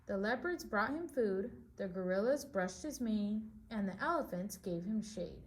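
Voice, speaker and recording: A woman's voice: medium pitch, animated, a little slow, slightly rough. A woman reading a picture book aloud to preschool children as their teacher, stopping to ask them questions about the story.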